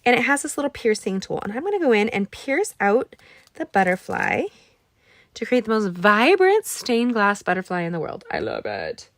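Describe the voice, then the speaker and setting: A woman hosting a live card-making tutorial, chatting warmly with her viewers and reading their comments as she works. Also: fairly high pitch, sing-song, normal speed, no echo. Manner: bubbly, talks to viewers directly, reads out chat; gets emotional when talking about a late friend. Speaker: card-making instructor and live-stream host.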